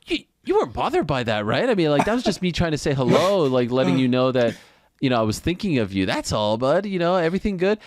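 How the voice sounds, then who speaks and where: A man putting on a breezy, friendly grown man who smooths things over in an over-casual, cajoling tone. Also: a little high, big pitch swings, fast, no room sound.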